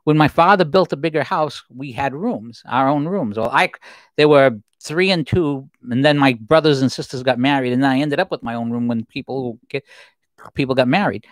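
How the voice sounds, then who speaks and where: A man's voice: fairly high pitch, animated, moderate pace, no echo, low-quality recording. 50s guy ranting on his livestream, voice jumps around a lot, dry close mic. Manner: rambling, conversational, with restarts and asides. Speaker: livestream host. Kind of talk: solo political commentary livestream.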